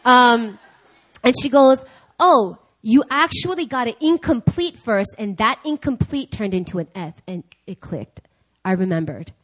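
Young woman preacher, lively storyteller who voices each person in her story. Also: mid-range voice. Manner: animated storytelling, acting out dialogue in different voices. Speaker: speaker. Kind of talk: sermon storytelling. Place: church.

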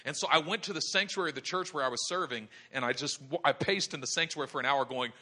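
A male preacher tells the story dramatically, his high voice swinging widely in pitch. The tone is bright and forceful, and he often builds up to shouts. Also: animated, fast, few pauses. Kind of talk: sermon.

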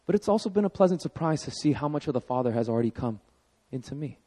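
A man in his thirties preaching a sermon as pastor, telling a personal story with animated emphasis. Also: medium pitch, fast talker.

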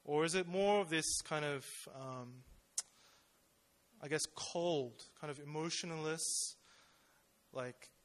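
At church, a young man delivers a casual, talky sermon at a slow pace. His voice is on the high side and a bit bright, and his informal style is full of fillers and rhetorical questions.

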